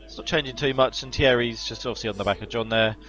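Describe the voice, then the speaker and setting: A man's voice: mid-range voice, quick pace, dull audio. Chatty male sim racing commentator. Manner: chatty, analytical, excited on incidents. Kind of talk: live esports race commentary.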